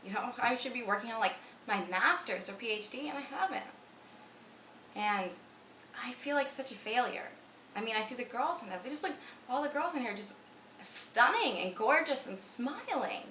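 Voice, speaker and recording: A woman's voice: fairly high pitch, lively intonation, moderate pace, sharp tone. A woman in her twenties talking anxiously and self-critically in a rambling confessional vlog, full of fillers. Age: 20s. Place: room at home. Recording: echoey room, mic at a distance, faint ambient noise.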